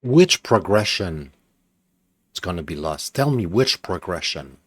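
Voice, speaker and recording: A tired man streams a game session with a low, deep voice, talking casually to his viewers. He often drops to a mutter while fixing settings, then flares up into swearing frustration. His voice comes through a close desk mic in a dry room. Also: sing-song, measured pace, a bit bright, dry recording. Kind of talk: casual live-stream commentary.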